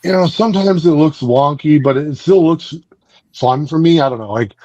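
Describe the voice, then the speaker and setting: A man's voice: a little high, normal speed, mellow, dry recording, lo-fi sound. Man rambling through a comic recap. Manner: rambling, frequent fillers and restarts. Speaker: book club podcast host. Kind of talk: casual comic book recap and review.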